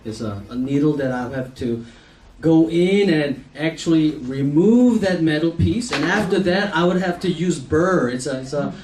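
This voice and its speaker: A man's voice: on the high side, lively intonation. A man in his forties, an eye doctor, telling a chatty story to an audience, laughing often and acting out what people said. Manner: slow, chatty, laughs often, acts out dialogue. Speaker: optometrist speaking at a company event. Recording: echoey hall from far off, faint noise.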